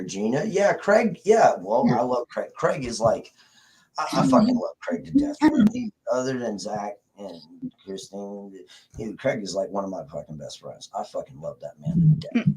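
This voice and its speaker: A man's voice: medium pitch, huge pitch swings, moderate pace, darkish tone, slight background noise. A man hosting a casual livestream, rambling and swearing as he greets viewers in the chat. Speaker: livestream host.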